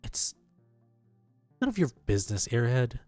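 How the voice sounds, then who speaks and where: A man gives voice to a hostile young woman who bites off short, scornful lines in a tabletop role-play. She talks slowly, and the sound is close and dry. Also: very animated, darkish tone, dry recording, soft background music. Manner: curt, scornful, low-voiced.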